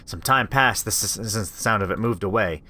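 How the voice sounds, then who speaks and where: Speaking at normal speed in a lowish voice, a man hosting a let's play reads a horror visual novel into a desktop mic. Between lines he jokes and reacts aloud expressively, swearing along the way.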